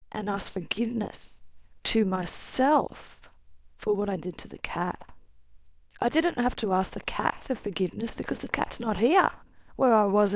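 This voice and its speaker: A woman giving an earnest, emotional personal testimony, her phrases often trailing off softly. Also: mid-range voice, no echo, dull audio. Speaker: near-death experience storyteller.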